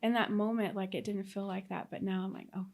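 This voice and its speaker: A woman's voice: mid-range voice, little pitch movement, a little fast, creaky, a little mellow. A woman in her thirties from Texas, a nurse telling her story as a guest in a casual interview, talking in a chatty way with many fillers. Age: 30s.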